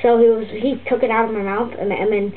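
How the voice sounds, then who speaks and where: A woman voicing a fussy, griping turtle puppet teacher, rambling and halting with many restarts. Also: a little high, level tone, close to an everyday voice. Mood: grumbling. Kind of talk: comic puppet vlog monologue. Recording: tinny lo-fi phone-like audio with faint hiss.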